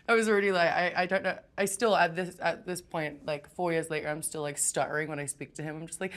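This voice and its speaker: A young woman in an interview, telling a story casually with lots of "like" and stumbling when she gets excited. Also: on the low side, brisk.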